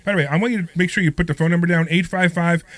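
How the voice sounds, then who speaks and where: A man's voice: high-pitched, rapid-fire, dry recording. A man hosting a radio talk show, with a nasal voice and a cough from a cold, joking and rambling in a casual chat. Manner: joking, rambling, self-mocking. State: getting over a cold, coughing. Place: radio studio.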